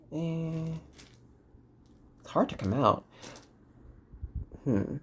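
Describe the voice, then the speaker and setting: A woman's voice: low voice, darkish tone, a little hiss or hum. A woman from Texas, doing a chatty, reassuring intuitive card reading to camera. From Dallas, Texas. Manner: chatty, reassuring, trails off mid-sentence. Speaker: tarot reader and spiritual channeler.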